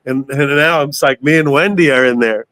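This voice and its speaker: An older man telling a story as an interview guest, animated, swearing freely and laughing as he goes. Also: mid-range voice, moderate pace, no echo. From southern United States. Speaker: guest musician.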